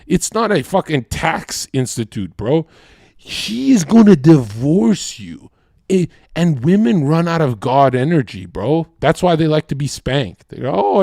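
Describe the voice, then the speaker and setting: A man ranting in a profane, loud debate-stream style, acting out voices as he tells stories. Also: fairly high pitch, no room sound, clean studio sound. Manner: profane, loud, acts out voices mid-story. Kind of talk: heated rant in a debate stream.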